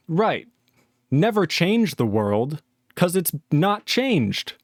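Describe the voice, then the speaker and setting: A man's voice: on the high side, very animated, slow, no echo, clean studio sound. Angry profane man arguing on stream. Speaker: livestream host. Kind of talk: heated live-stream chat.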